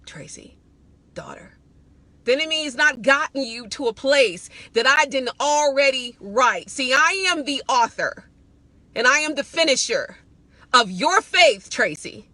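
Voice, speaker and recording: A woman voicing God speaking gently to a daughter in a low, hushed, earnest tone. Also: animated, measured pace, no echo, full character voice. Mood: hushed tender.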